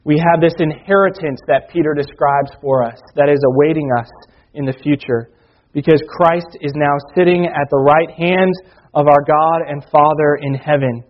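A man preaching a sermon as pastor, earnest, slowing down for emphasis and reading Scripture with rising force. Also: fairly high pitch, steady tone. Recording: dull lo-fi sound.

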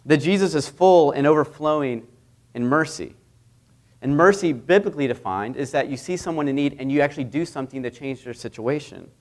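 A man in his thirties delivering a sermon as a visiting preacher, telling stories in a conversational way with lively dramatic swings. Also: a little high, a little fast.

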